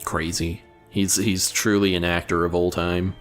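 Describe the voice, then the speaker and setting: A man's voice: low voice, little pitch movement, unhurried, soft background music. A young man co-hosting a podcast in casual chat, sardonic and crude, often stumbling over his words. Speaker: podcast co-host.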